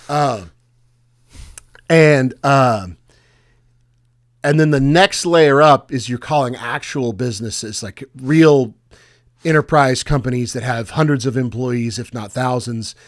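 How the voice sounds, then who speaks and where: A man's voice: mid-range voice, dry recording, clean studio sound. A young adult man co-hosting a podcast, telling work stories casually and acting out angry callers in a raised voice. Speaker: podcast co-host. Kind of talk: casual storytelling chat.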